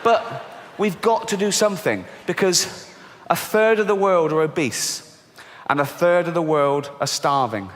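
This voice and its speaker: A man's voice: fairly high pitch, a little slow, a bit bright. A British man doing stand-up comedy on a large theatre stage, sarcastic and mock-outraged, with frequent swearing. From Britain. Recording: live theatre reverb with audience noise.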